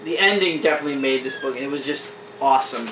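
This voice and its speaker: A man chatting casually as a comic book reviewer, enthusiastic and acting out characters' lines in quick quotes. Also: medium pitch, recorded from a distance. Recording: echoey room, faint hiss.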